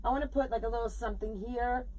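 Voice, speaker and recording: A middle-aged woman hosting a live stream, chatting to viewers in a lively, casual way while she makes a wreath bow. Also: fairly high pitch, quick pace. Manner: chatty, animated, talks to viewers while working. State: sore legs from standing. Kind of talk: casual chat while crafting on a live video.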